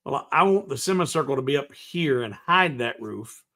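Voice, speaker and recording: A man's voice: medium pitch, expressive, normal speed, pushed and bright. A man hosting a woodworking livestream in a loose, folksy way, reading out viewer comments and humming to himself as he works in his workshop. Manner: folksy and loose, hums to himself while working; reads viewer comments aloud and answers them. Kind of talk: casual live tutorial chat.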